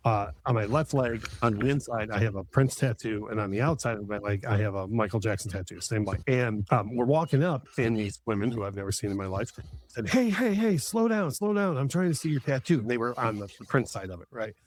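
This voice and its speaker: A man's voice: fairly low pitch, fast talker, hardly any pauses. A middle-aged man chatting casually as a podcast host, enthusiastic and rambling with many fillers and restarts. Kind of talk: casual chat.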